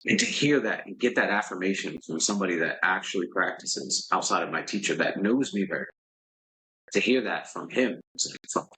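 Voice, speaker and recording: A man's voice: deep voice, lively intonation, a little fast, sharp tone, breathy edge, poor audio. A man guesting on a podcast, telling a candid, rambling story and swearing casually. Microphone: podcast microphone.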